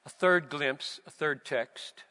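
A man preaching a sermon, slow and emphatic, building to loud, fervent repetitions. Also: on the high side. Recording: long reverb of a large hall.

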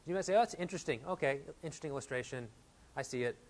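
A man's voice: medium pitch, rapid-fire. Earnest man preaching a sermon. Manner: earnest, animated, reads quotes aloud. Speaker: pastor.

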